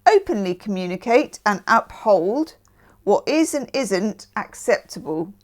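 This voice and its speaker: A woman's voice: mid-range voice, lively intonation, a little slow. Woman from the UK, tarot reader, chatty, self-mocking asides, casual tone. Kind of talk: casual tarot reading chat.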